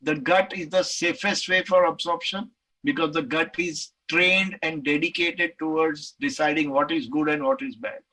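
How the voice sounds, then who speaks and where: A middle-aged man from India with an Indian English accent, giving a lecture and answering questions, animated and acting out the voices he quotes. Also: a little high, normal speed, poor audio.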